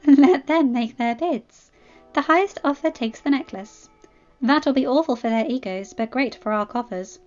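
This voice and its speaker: Woman doing a sly playful young queen, high voice, drawn-out, lo-fi, faint music behind. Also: lightly acted.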